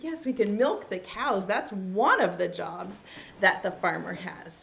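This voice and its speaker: A young woman leading preschoolers through songs, talking slowly and encouragingly in a sing-song way. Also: medium pitch, sing-song, gravelly, fairly bright tone, lo-fi sound. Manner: slow, sing-song and encouraging, using baby signs. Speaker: preschool teacher. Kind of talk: singing and teaching preschoolers.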